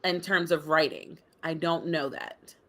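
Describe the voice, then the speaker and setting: A woman co-hosting a casual book club discussion, expressive and rising in pitch when exasperated. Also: unhurried. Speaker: podcast co-host.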